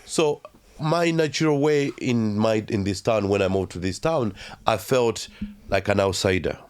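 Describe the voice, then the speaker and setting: Low-voiced guy from uganda telling his story, lots of um you know and restarts, kinda slow going. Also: clean tone. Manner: halting, many fillers and restarts. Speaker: guest. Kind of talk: storytelling interview.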